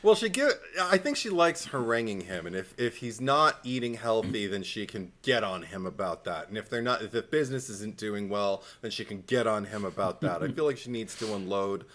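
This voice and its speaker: Bright-voiced man chatting on a podcast. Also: fairly low pitch, expressive, brisk, few pauses. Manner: chatty, laughing, rambling asides. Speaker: podcast co-host. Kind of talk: casual chat.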